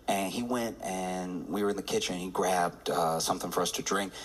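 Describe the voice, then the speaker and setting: A man performing a stand-up comedy routine, telling a story with restarts and climbing into excited laughter. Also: low voice, moderate pace.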